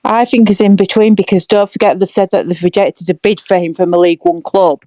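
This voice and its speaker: A giggly, chatty woman shares her thoughts and little stories on a fan podcast. Her voice is mid-pitched, and the sound is dry and close. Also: steady tone, a little fast, dark tone, dry recording. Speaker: podcast co-host. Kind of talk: casual fan chat.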